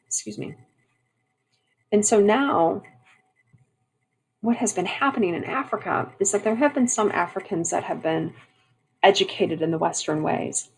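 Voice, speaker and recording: A woman's voice: mid-range voice, unhurried, gravelly, pauses often, slight background noise, poor audio. A woman teaching a history lesson, switching between reading a passage aloud and explaining it in a chatty way with fillers and restarts. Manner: conversational, frequent fillers and restarts.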